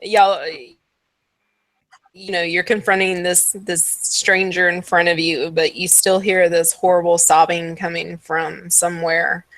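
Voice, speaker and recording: A woman running a tabletop game as dungeon master, her voice sitting low and dry, close to the mic. She laughs easily and fills her pauses with "um" as she sets each scene. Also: flat delivery, fairly bright tone, no room sound. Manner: laughs often, hesitant with fillers.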